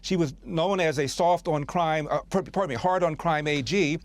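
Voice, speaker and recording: A man appearing as a guest on a news program, making his case in measured speech with many pauses. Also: fairly high pitch. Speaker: radio host guest. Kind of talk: TV news interview.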